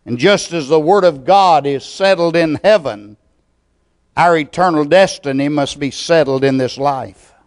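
Slow, deliberate male preacher. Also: a little high. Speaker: pastor. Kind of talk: sermon with prayer.

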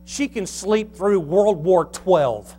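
A man's voice: high-pitched, slow pace, dark tone. A middle-aged man, a pastor preaching a folksy, humorous sermon.

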